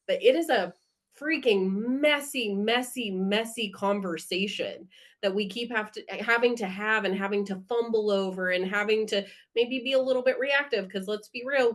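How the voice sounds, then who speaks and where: A woman's voice: mid-range voice, animated, normal speed. A woman speaking as a podcast guest in a casual conversation, earnest and heartfelt, thinking aloud as she goes.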